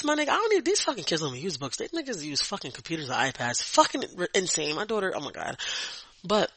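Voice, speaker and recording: A woman's voice: fairly low pitch, very animated, fast talker, a bit bright, husky, no room sound. A young woman hosting her own podcast, speaking in in a profane, blunt and rambling solo rant, laughing often. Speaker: podcast host. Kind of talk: casual ranting monologue.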